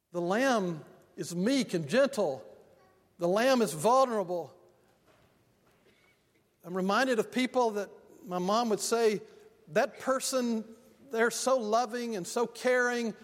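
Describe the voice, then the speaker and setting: An older man, a pastor, preaching a sermon in a folksy storytelling way and slowing down for emphasis. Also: sits high. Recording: long reverb of a large hall.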